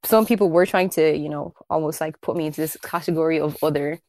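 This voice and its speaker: An Irish woman hosting an interview podcast, speaking earnestly and softly with fillers. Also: low-pitched, steady tone, fast talker, no room sound. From Ireland, raised in Kildare. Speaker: podcast host. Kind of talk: casual interview conversation.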